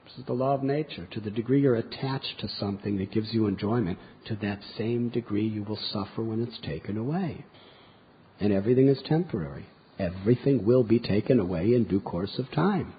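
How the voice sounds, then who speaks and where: A man's voice: lowish voice, a little fast, breathy edge. A man giving a scripture lecture, retelling a story vividly and drawing moral lessons from it. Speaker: spiritual teacher. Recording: dull lo-fi lecture recording.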